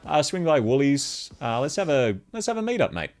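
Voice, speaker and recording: A man's voice: on the high side, very animated, brisk, soft background music, voice pushed up. A man putting on an exaggerated, drawling, slang-heavy Australian bloke with a thick Australian accent, matey and laid-back.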